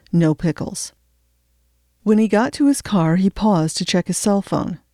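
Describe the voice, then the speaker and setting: A woman narrating an audiobook in a steady, measured storytelling voice. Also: on the low side, no room sound, studio quality.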